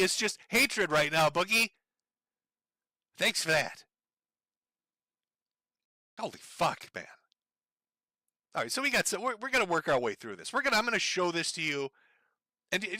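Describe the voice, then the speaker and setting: Middle-aged guy ranting on stream, mocking n sweary, highish voice, real dry mic. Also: bright, forceful tone, dry recording. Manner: profane, mocking, sarcastic. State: in pain from broken ribs, on medication. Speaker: livestream commentator. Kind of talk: angry ranting commentary.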